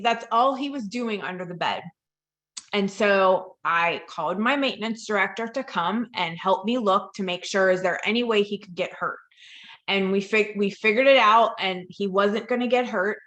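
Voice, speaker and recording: Woman telling a caregiving story. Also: medium pitch. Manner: lively storytelling that acts out quoted dialogue. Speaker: dementia care professional and presenter. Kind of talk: storytelling presentation. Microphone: video call.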